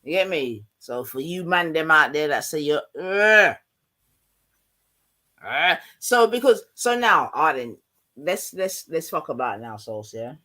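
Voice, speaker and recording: A man's voice: a little high, very animated, measured pace, pushed and bright, low-quality recording. Casual man hosting a livestream. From London. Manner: loose, joking, reads aloud, slangy. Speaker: livestream host. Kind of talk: casual live chat.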